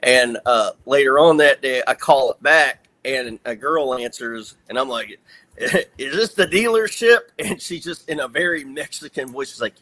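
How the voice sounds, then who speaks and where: A man with a Southern US accent, telling an animated story in casual chat and swearing freely. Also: medium pitch, unhurried.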